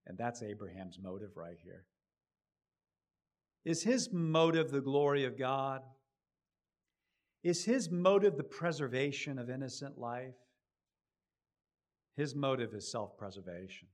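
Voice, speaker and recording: A middle-aged man preaching a sermon, building to loud emphatic rises and then dropping low and quiet. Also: expressive, measured pace, pauses often.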